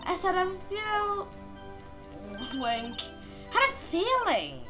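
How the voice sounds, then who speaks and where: A woman's voice: very high voice, wildly swooping pitch, slow, over music, pitched above the performer's own voice, exaggerated voice. A woman doing a coy, bubbly young witness. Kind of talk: amateur game voice acting.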